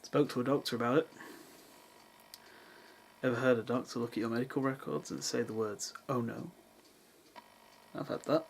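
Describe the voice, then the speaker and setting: Young male vlogger, gravelly, deadpan humour, faint room noise. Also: mid-range voice, normal speed, pauses often, low-quality recording. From England. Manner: dry, self-mocking asides. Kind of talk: casual vlog chat. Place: parents' house in the countryside, with cats.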